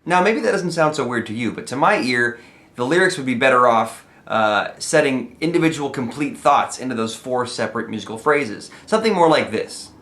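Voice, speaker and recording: In a friendly video lesson, a man explains how to write comedy lyrics, now and then saying "uh" and "um." His mid-range voice is brisk and fairly bright, with lively intonation. The room sounds echoey, and faint music plays underneath.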